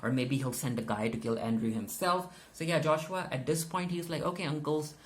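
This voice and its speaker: A man's voice: on the high side, a little fast. Man giving a rambling TV episode recap. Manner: loose retelling, paraphrases characters' lines; hesitant, frequent fillers and restarts. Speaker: TV show reviewer.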